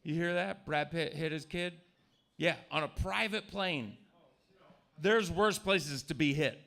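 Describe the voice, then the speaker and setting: A man's voice: fairly high pitch, unhurried, gravelly, fairly bright tone. A man doing a crude, provocative stand-up set in a comedy club. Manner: crude, provocative, jumps into mocking voices.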